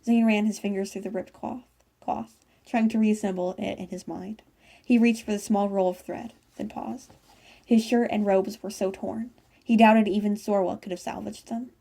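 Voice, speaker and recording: Gravelly-voiced woman reading fan fiction. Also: medium pitch, steady tone, normal speed, dark tone. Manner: casual, with stumbles and self-corrections. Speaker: fanfiction reader.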